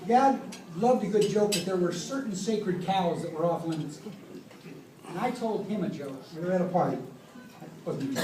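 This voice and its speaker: A middle-aged man delivering a eulogy and telling humorous stories about his father. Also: high-pitched. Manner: storytelling, humorous anecdotes. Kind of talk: eulogy speech. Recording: echoey room, distant mic, background noise.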